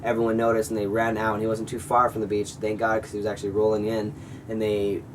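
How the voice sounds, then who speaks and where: A young man tells a personal story in a low, fairly flat voice, rambling and earnest, full of fillers. He sits a little back from the mic, and a faint air-conditioning hum runs underneath. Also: fast talker, recorded from a distance, poor audio. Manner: rambling, filler-heavy, earnest retelling with acted-out quotes. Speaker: vlogger telling a personal story. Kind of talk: casual storytelling to camera.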